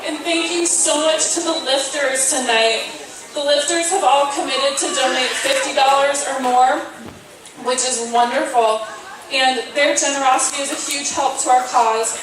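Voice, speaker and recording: A woman's voice: high-pitched, steady tone, moderate pace. A woman volunteer giving an earnest, grateful thank-you speech at a fundraiser, with hesitant fillers, recorded from a distance in a hall. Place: indoor event hall at a fundraising concert. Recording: very echoey hall, from far off, noisy.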